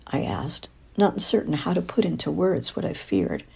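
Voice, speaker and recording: A woman's voice: low-pitched, very animated, unhurried, vocal fry, a little mellow, slightly rough. An older woman reading a first-person story aloud in a wry, confiding way, dropping into whispers at times. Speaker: audiobook narrator.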